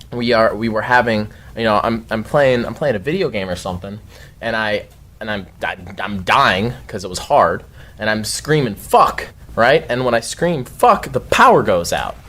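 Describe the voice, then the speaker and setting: A man telling a long story as a podcast guest, rambling and swearing freely and shouting the outbursts he quotes. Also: on the low side, normal speed. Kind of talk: casual storytelling chat.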